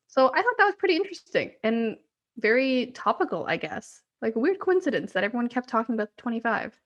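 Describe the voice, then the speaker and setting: A woman's voice: on the high side, big pitch swings, quick pace, fairly bright tone, lo-fi sound. A woman in her twenties, co-hosting a podcast, telling rambling stories in casual chat with frequent "like". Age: 20s. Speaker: podcast co-host.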